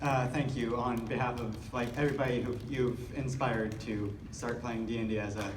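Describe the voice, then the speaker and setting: A man from the audience asks the panel a question, hesitating and filling his pauses with ums. He sounds distant in an echoey convention hall, with noise behind him. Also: mid-range voice, fairly even intonation. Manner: hesitant, filler-heavy. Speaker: audience member asking a question. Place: large indoor convention hall.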